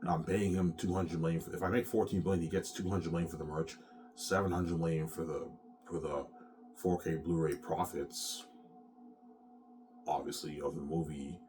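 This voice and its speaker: A man's voice: very deep voice, steady tone, moderate pace, far from the mic, noisy background. A man rambling casually to his viewers, repeating himself and tossing in "man" and "yeah". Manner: repetitive, keeps saying "man" and "yeah".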